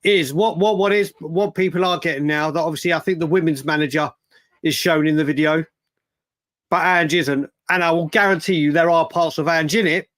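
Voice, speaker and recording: A man's voice: a little high, fairly even intonation, fairly quick, fairly bright tone, dry recording. A man co-hosting a fan livestream, chatting casually and repeating himself as he recalls details. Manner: rambling, repeats words while recalling details. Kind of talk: casual chat.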